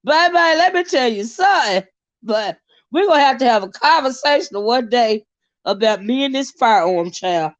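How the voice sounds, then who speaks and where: A woman's voice: a little high, animated, moderate pace, no room sound, dull audio. Chatty woman vlogger. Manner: chatty, laughs a lot, drawls "child" and "y'all". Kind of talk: casual chat to viewers.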